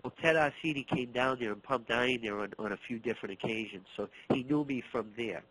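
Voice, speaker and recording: Animated middle-aged man telling stories. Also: medium pitch, brisk, breathy edge, low-quality recording. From Boston area. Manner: animated storyteller, acts out dialogue, repeats words. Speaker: martial arts instructor. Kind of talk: storytelling interview.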